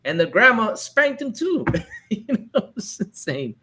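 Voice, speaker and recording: A man telling a story in casual chat, animated, acting out the people in it. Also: high-pitched, measured pace, a little hiss or hum. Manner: animated storyteller, acts out voices.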